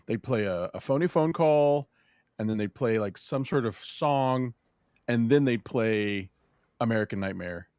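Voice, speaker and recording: A man co-hosting a relaxed podcast, reminiscing about old radio with lots of laughter and stop-start fillers. His middle-pitched voice jumps around in lively swings, captured in a dry, close recording. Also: clear, resonant tone, dry recording. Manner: nostalgic, laughs often, halting fillers. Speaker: podcast co-host. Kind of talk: casual chat.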